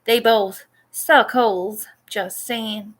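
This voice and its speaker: Brief: Canadian woman artist vlogger, mid pitch, slow easy pace, chatty and blunt. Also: steady tone. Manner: chatty, venting, swears freely. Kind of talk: casual chat.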